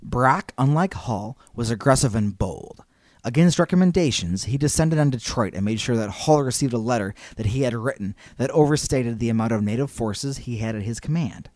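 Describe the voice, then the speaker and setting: A man runs a relaxed history podcast, recounting events with bursts of joking and silly voices. His pitch moves a lot as he talks. The sound is close and dry, with no room around it. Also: moderate pace, no echo. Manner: storytelling with jokey put-on voices, laughs a lot. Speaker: podcast co-host telling history. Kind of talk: casual history chat.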